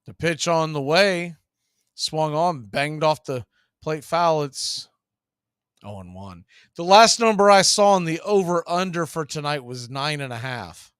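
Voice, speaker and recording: A man hosting a casual baseball play-by-play stream, chatting between pitches. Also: a little slow, smooth, dry recording, clean studio sound. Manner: relaxed, chatty, drifting into betting talk. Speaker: play-by-play announcer and show host.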